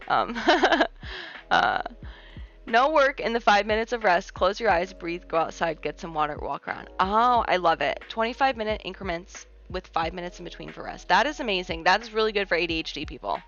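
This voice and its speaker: Faint music plays behind the muffled, lo-fi audio as a young woman livestreams, going through viewer comments. She chats casually and reassuringly with plenty of fillers, her voice medium in pitch and a bit bright.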